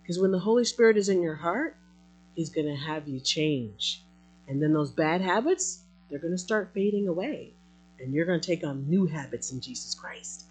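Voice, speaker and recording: A preacher giving an emphatic sermon and closing prayer, animated with light laughs, slowing down to stress key words. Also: mid-range voice.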